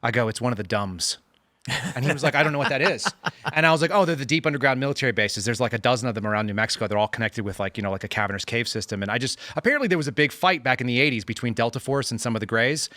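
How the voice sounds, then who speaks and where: Brief: quick, bright male storyteller, dry close mic, acts out dialogue. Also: mid-range voice, no room sound. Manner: animated anecdote teller, acts out dialogue. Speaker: guest, former FBI agent. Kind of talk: casual panel chat, storytelling.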